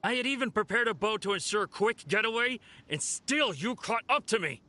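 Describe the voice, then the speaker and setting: An actor playing a boastful, sneaky young male thief in a video game, speaking in a husky, whiny way. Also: sits high, animated, a little fast, pushed and bright. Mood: sulky.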